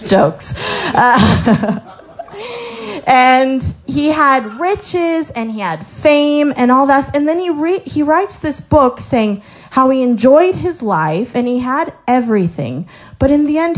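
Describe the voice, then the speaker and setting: A young woman gives a casual sermon testimony in a fairly high voice. She tells stories in a lively way, acts out the people in them, and reads scripture aloud. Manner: lively storytelling with acted-out quotes. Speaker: speaker sharing a testimony.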